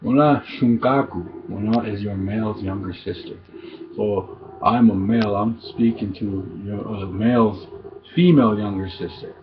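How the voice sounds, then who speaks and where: Low-voiced man teaching words slowly. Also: steady tone. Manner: halting, repeats words slowly for learners. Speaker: language teacher. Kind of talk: informal recorded language lesson. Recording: dull lo-fi recording, faint noise.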